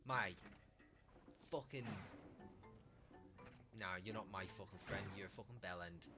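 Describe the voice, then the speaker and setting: Over music, a Liverpool man in his late teens with a Scouse accent chats casually on a live stream, telling rambling, sweary stories. His voice is lowish and a little slow, with frequent pauses.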